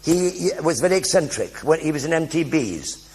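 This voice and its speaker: An older man with a British English accent telling comic anecdotes in a one-man stage show, a lively raconteur who mimics other people's voices and sound effects. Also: fairly high pitch, normal speed, breathy edge. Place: theatre stage.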